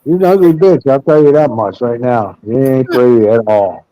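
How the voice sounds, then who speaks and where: A man's voice: medium pitch, normal speed, mellow. A man in a casual live chat, telling stories in a blunt, profane, rambling way. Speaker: panel host.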